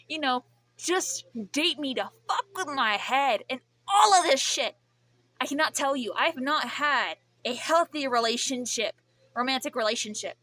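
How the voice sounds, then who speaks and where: Bright-voiced young woman venting. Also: high-pitched, lively intonation, unhurried, dry recording. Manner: swearing, rambling, intense. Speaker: vlogger. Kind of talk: emotional vent.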